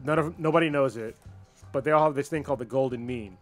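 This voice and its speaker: A man's voice: mid-range voice, fast talker, soft background music. A man co-hosting a podcast, telling a story with lots of swearing and acting out the characters' lines. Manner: profane, animated storyteller who acts out the characters' lines. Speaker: podcast co-host. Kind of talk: casual chat, retelling a story.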